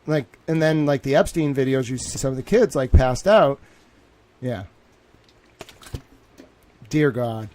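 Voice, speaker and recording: This streamer talks a little slowly, leaving long pauses in his easygoing rant. His volume jumps between quiet muttering and almost shouting, and he laughs often.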